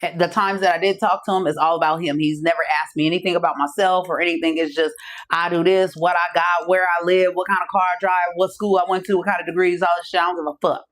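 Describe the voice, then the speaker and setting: Animated, profane middle-aged woman storyteller. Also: lowish voice, fast talker. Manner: animated, profane, acts out the other voices in her stories. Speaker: podcast host. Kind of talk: casual storytelling monologue.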